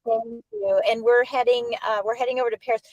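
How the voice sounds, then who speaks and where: A woman's voice: a little high, fairly even intonation, fast talker, a crowd in the background, low-quality recording. An American woman in her sixties, a guest author, chatting in an upbeat, emphatic way. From United States. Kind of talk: casual interview chat.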